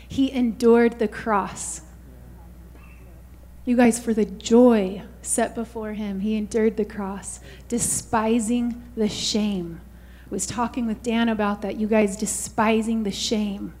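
A woman's voice: fairly high pitch, steady tone, unhurried, a little mellow. A woman preaching a fervent sermon, often saying "you guys" and "hallelujah" to the congregation.

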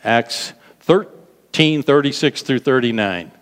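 A man preaching a sermon to a congregation, animated, repeating words for emphasis and prompting them to respond. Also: medium pitch, slow pace. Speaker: pastor. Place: large hall. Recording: long reverb of a large hall.

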